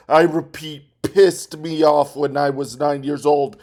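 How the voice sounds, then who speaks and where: A man's voice: a little high, measured pace, darkish tone. A man hosting a casual commentary vlog, rambling and correcting himself as he talks. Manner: rambling, self-correcting, chatty. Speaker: vlog host.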